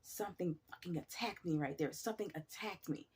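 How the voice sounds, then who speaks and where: A woman voicing a rattled male stage manager, a heavy smoker, speaking in a hushed voice. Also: sits high, brisk, slightly rough. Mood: shaken.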